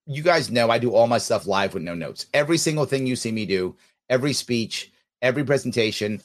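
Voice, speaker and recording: Blunt, scornful New York man commenting. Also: mid-range voice. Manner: blunt, scornful, heats up as he talks. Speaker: podcast host and commentator. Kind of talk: live commentary over speech clips.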